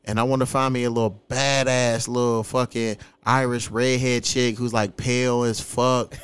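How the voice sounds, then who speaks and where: A man in his thirties, hosting a casual podcast and talking in a profane, animated way with frequent laughs. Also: medium pitch, moderate pace, clear, resonant tone. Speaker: podcast host.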